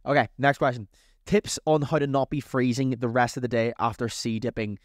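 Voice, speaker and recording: A man's voice: medium pitch, fairly even intonation, fairly quick. A man hosts his own advice podcast, talking in a chatty and motivating way. His voice sits in an ordinary middle range. The sound is dry and close, with no room echo. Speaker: podcast host and coach.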